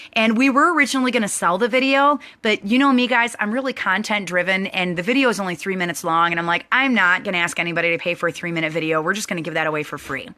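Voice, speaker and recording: A woman host telling a lively personal story to her online audience, bubbly and chatty with lots of likes and restarts. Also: mid-range voice.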